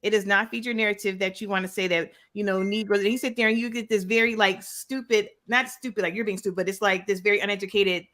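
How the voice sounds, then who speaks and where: Bright-voiced woman, firm in debate. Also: medium pitch, fairly even intonation, fast, few pauses. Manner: firm, insists on finishing her point. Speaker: call-in guest. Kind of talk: heated debate.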